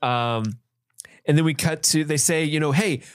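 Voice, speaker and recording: A man's voice: a little high, fairly even intonation, moderate pace, clear, resonant tone, no echo, clean studio sound. A man co-hosting a podcast, chatting casually about a film and often laughing. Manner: laughs often, acts out movie lines in put-on voices. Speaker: podcast co-host. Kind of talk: casual film review chat.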